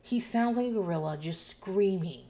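A woman host talking casually and loudly about a show, profane and animated, acting out people's lines in shouts. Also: mid-range voice, normal speed. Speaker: podcast host recapping a TV show. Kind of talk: casual chat.

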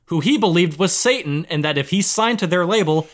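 A man's voice: sits high, animated, fairly quick. A man co-hosting a casual chat, telling a story in a jokey, profane way. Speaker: podcast co-host.

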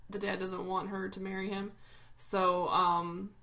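A woman co-hosting a casual podcast chat, rambling and pausing often with ums. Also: mid-range voice, level tone, a bit bright. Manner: rambling, hesitant with many ums. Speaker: podcast co-host.

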